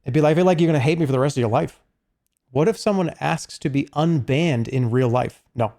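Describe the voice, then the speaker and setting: A man's voice: fairly high pitch, fast, creaky, warm tone. A man chatting casually on a live stream, rambling along with lots of asides and restarts.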